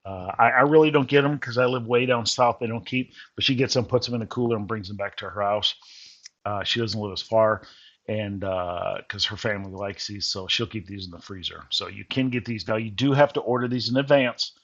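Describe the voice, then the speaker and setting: A man's voice: lowish voice, fairly quick, a bit bright. Folksy man, lo-fi. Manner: rambling, folksy, self-correcting. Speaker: vlogger. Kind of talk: casual voice-over narration. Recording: dull lo-fi recording.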